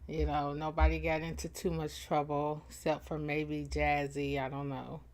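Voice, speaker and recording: A woman's voice: low-pitched, level tone, normal speed. A woman hosting a casual livestream, greeting viewers by name with playful, teasing banter and frequent laughter. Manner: laughs often between lines. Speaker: livestream host and chat moderator.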